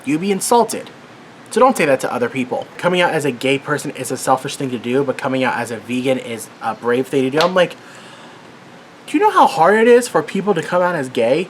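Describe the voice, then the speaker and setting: A man's voice: on the high side, fairly bright tone, slight background noise. A worked-up man giving an angry commentary rant as a vlogger, swearing and exasperated.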